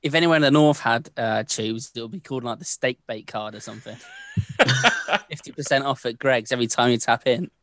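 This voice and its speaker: A man's voice: medium pitch, brisk, a bit bright. A man joining a podcast chat, cracking wry, sweary jokes. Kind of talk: casual banter.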